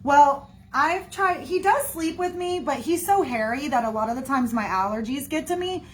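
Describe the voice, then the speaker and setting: A woman's voice: high voice, lively intonation, moderate pace, a little hiss or hum. A woman chatting casually to her viewers in a rambling way, full of fillers and "y'all". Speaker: livestreamer talking to viewers. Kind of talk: casual chat.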